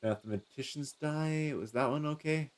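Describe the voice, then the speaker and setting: A man's voice: on the high side, normal speed. A man casually commenting on his game, musing aloud with many fillers. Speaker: streamer. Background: faint game music.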